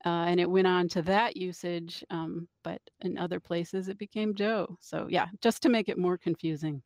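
A woman's voice: on the low side, fairly even intonation, moderate pace, darkish tone, no room sound, studio quality. A woman linguist, a guest on a radio interview, explaining patiently and thoughtfully with small restarts.

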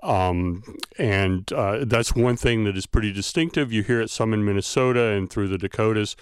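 Academic guest, male, light Southern accent, lowish smooth voice, dry studio sound. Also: moderate pace, no echo. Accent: light Southern American. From Southern United States. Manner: thoughtful, frequent uh fillers, academic. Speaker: linguistics professor guest. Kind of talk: explanatory interview answers.

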